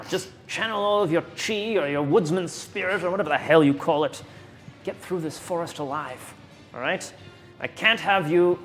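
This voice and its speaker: A man's voice: a little high, close to an everyday voice. A man voicing a fussy, flustered male handler who talks to a teammate over an earpiece and rambles when he slips up.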